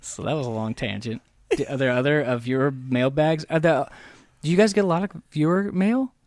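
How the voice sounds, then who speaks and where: A man from Oklahoma chatting on a podcast, telling stories in an animated way, laughing often and jumping up in pitch when he quotes people. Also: a little fast, no room sound, studio quality. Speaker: guest host. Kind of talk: casual podcast chat.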